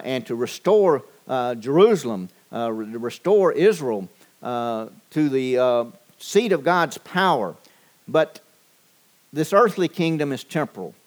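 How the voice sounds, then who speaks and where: A man preaching a sermon, measured and deliberate, with frequent pauses and fillers. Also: mid-range voice, animated. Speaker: pastor.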